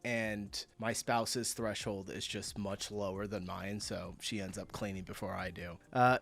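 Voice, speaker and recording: A man's voice: on the low side, steady tone, unhurried, vocal fry, a bit bright. A young man casually reacting to clips as host, chatty and often laughing.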